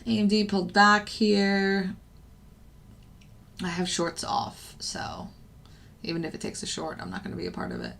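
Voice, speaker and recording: A woman's voice: medium pitch, steady tone, moderate pace, creaky, long pauses, a bit bright, a little hiss or hum. A woman trader giving casual live commentary on the markets, thinking aloud with fillers and the odd laugh. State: hiccups. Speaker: futures day trader and channel host.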